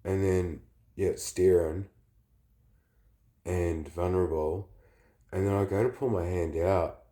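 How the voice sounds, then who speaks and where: A man with the flu, telling a personal story in a halting, rambling, confessional way. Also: low-pitched, steady tone, mellow. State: sick with the flu.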